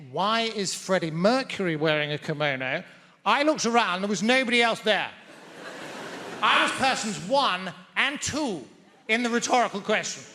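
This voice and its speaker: A man's voice: high voice, pushed and bright. A male stand-up comedian performing on a theatre stage, wry and mock-pompous with precise wording. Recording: theatre reverb, faint noise.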